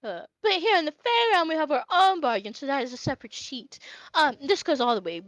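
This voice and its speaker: A woman voicing a formal, exasperated male butler who speaks in a measured way. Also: high-pitched, lively intonation, fairly bright tone, no echo, low-quality recording.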